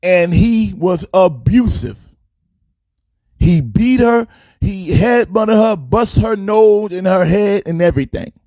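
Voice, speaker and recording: High-voiced, fired-up male sports host. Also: animated, takes it slowly, darkish tone, dry recording. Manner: fired-up, preachy, sing-song delivery. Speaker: host of a sports talk show. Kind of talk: casual sports commentary.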